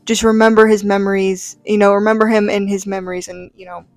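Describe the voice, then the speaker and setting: A comic-book heroine gently consoles someone in mourning, paraphrased loosely and offhandedly. A woman voices her during a casual retelling, close to her own voice. The sound is dry and close. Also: medium pitch, flat delivery, fast talker, no room sound, close to an everyday voice. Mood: consoling. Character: comforting grown woman consoling a grieving friend.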